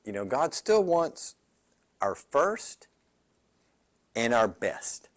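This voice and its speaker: A man with a mid-range voice speaks very slowly but with lots of animation. He's a pastor leading a midweek Bible study in a relaxed, conversational way, often checking in with the group by asking "right?" and repeating words as he goes.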